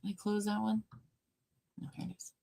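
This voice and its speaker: A woman's voice: mid-range voice, little pitch movement, fairly quick, gravelly, mellow, no echo. A woman co-hosting a live movie watch party, chatting casually and rambling about films, laughing often.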